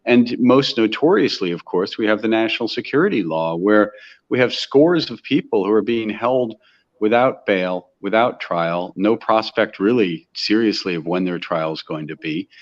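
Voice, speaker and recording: A man's voice: fairly low pitch, animated, normal speed, dull audio. An American man talking earnestly in an interview, often restarting his sentences as he builds his point. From United States. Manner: earnest, impassioned, with frequent restarts. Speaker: interview guest. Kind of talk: conversational interview.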